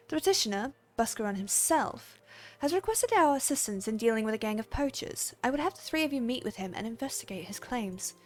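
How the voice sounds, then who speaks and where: A woman voicing a stern female archer guildmaster from a game, read in a quiet, measured way. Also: mid-range voice, lightly acted.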